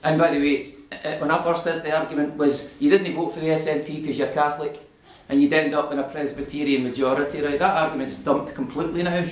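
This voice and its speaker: A middle-aged Scottish man addresses a room, animated and argumentative. His voice sits a little high for a man. The sound bounces around an echoey community hall. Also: fast talker. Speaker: invited political speaker. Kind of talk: public talk answering audience questions.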